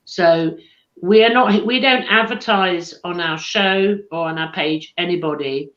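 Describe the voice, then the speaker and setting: A woman's voice: lowish voice, a little slow, fairly bright tone. Chatty teasing woman, echoey lo-fi. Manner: chatty, teasing, laughs often. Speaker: co-host. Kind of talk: casual live-stream chat. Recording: echoey room, dull lo-fi stream audio.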